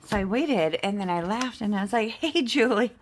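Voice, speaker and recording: Lady rambling thru a funny story at home, chatty and self-mocking, middle-pitched voice, faint hiss behind. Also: fairly quick. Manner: chatty, self-mocking, animated storyteller who acts out the other people's lines. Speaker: budget and game-night vlogger. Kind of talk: casual storytelling while playing a game.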